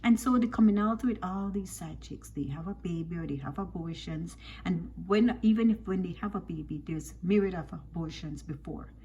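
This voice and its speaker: A woman commenting on a reality show, scolding and animated, firing off rhetorical questions. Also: on the low side, normal speed, few pauses, muffled recording, slight background noise.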